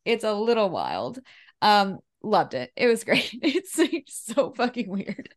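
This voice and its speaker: A woman's voice: medium pitch, big pitch swings, a little slow, dry recording, clean studio sound. A woman co-hosting a casual movie podcast, rambling with lots of fillers and frequent laughter. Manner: rambling, laughing often, many fillers and restarts. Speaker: podcast co-host. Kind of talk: casual chat about movies.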